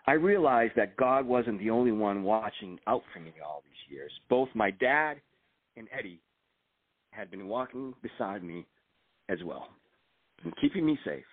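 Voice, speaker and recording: A man's voice: fairly low pitch, big pitch swings, no room sound. An older man, a retired agent and author, speaking reflectively in an interview and reading aloud from his book. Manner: soft-spoken, reflective, halting restarts. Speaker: guest author. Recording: tinny dry phone-like line.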